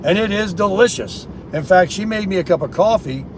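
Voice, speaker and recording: A man's voice: high-pitched, expressive, brisk, a little hiss or hum. A man chatting rambly to viewers, calling them folks, recorded outdoors on a phone. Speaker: vlogger. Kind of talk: casual vlog chat. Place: outdoors in a sunny town.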